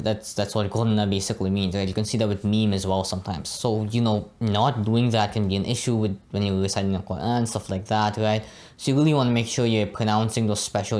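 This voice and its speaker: A young man giving a casual Arabic pronunciation lesson, often tagging his sentences with "right?" and "you know". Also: fairly low pitch. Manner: relaxed, frequently adds "right?" and "you know". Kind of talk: casual teaching monologue.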